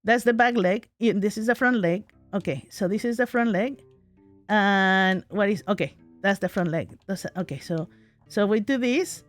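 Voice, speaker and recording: A woman doing let's play commentary, excitable, talking to herself with shrieks and laughs. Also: medium pitch, normal speed, dry recording, soft background music. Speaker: gaming streamer.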